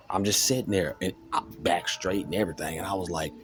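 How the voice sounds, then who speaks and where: A man's voice: deep voice, steady tone, brisk, a little hiss or hum. A man telling a rambling story on his vlog, laughing and mimicking others. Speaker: vlogger. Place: store, walking around.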